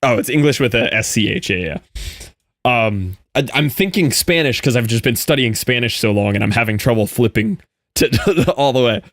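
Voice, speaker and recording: A young man chats on a stream and tells an animated story, often breaking into laughter. His voice sits at a middle pitch. The sound is close and dry, with no room echo. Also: brisk. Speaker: Minecraft streamer. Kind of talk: casual live-stream chat with viewers.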